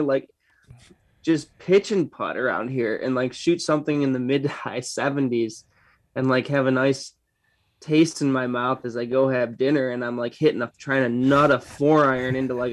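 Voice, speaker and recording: A man co-hosting a golf podcast talks in an easy, laid-back way, peppering his chat with slang. His voice sits at a middle pitch. The sound is dry and close, with no room echo. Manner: chatty, laid-back, drops slang like "dude". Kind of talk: casual chat.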